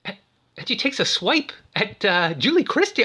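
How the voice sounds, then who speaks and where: A man's voice: high voice, big pitch swings, moderate pace, bright, forceful tone, slightly rough. A man giving casual, jokey commentary on a movie, exclaiming often. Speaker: movie reviewer.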